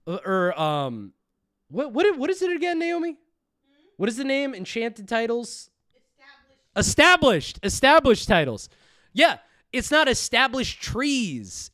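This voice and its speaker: A man's voice: extremely high pitch, sing-song, a little slow, a bit bright, no echo, studio quality. A man hosting a reaction video, ranting with heated profanity and mocking the clips he plays. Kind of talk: profane angry rant.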